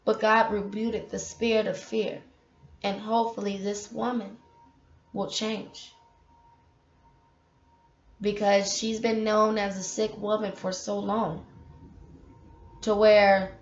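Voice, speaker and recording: A woman giving a casual, impassioned faith testimony straight to her viewers from her apartment. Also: mid-range voice. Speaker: vlogger sharing faith testimony. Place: apartment room. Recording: roomy, dull lo-fi audio.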